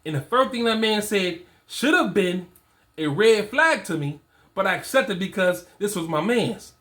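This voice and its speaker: A man's voice: high-pitched, animated, a little slow, bright, forceful tone. A man in his forties giving casual, emphatic motivational talk to other men, repeating his points with slang. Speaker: fatherhood and men's coach.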